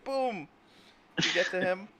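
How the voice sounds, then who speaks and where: A man's voice: high voice, a little slow, a bit bright. A man hosting a casual chat, rambling through stories, laughing constantly and acting out silly imagined lines. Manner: giggly, rambling, laughs through his words. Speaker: host.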